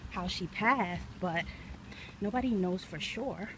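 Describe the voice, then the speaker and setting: A woman's voice: on the low side, slow pace, slight background noise. A woman vlogging while she walks outdoors, a little out of breath, talking passionately and rambling with lots of fillers. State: a little out of breath from walking uphill. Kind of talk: casual vlog talk. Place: outdoors, walking in hot weather.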